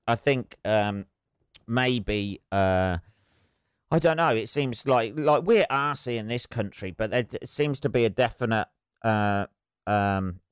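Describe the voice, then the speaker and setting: A man's voice: fairly low pitch, clear, resonant tone, no room sound, clean studio sound. A man hosting a solo podcast, rambling and wry with constant swearing, sipping tea as he talks. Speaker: podcast host.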